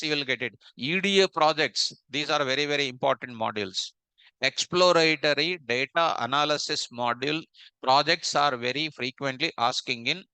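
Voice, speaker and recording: A man's voice: fairly high pitch, pushed and bright, clean tone, dry recording, poor audio. A man teaching programming in a live coding lecture, repeating phrases and drilling students with rhetorical questions.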